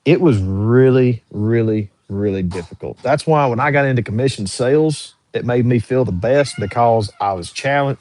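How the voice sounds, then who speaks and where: A man's voice: medium pitch, darkish tone, dry recording. A young man hosting a casual livestream, reading viewer questions aloud and answering them in an easygoing, drawling way. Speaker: livestream host answering chat.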